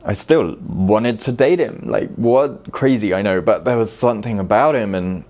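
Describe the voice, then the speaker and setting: A man's voice: fairly low pitch, moderate pace, a little mellow. A man, telling a personal story to camera in a confessional way and repeating words for emphasis. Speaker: vlogger.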